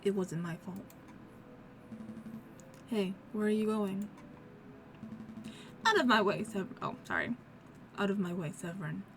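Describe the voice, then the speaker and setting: A woman's voice: mid-range voice, unhurried, long pauses, soft background music, voice pushed down, natural voice. A woman voicing an anxious male bird lawyer who is easily flustered, reading a game aloud. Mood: distressed. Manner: worried, self-doubting.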